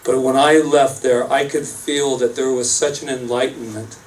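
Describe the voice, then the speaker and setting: A man's voice: medium pitch, steady tone, normal speed. A man who is a minister, giving a casual, rambling sermon full of self-mocking asides. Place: church service space. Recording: distant mic, faint room noise.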